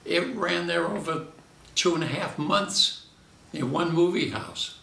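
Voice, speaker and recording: An older man, a veteran character actor, telling lively anecdotes from his career in an interview and acting out the voices in his stories. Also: a little high, unhurried, creaky, reverberant, distant mic.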